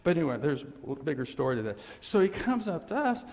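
A man's voice: a little high, very animated, fairly quick, darkish tone. A middle-aged man preaching as pastor, telling rambling, folksy stories with laughing asides, in a church sanctuary. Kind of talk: storytelling sermon. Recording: long reverb of a church hall.

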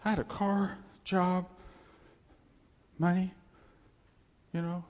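A man's voice: high voice, level tone, slow pace, darkish tone, big-room sound. A man preaching a sermon in an earnest, conversational way, often repeating phrases for emphasis.

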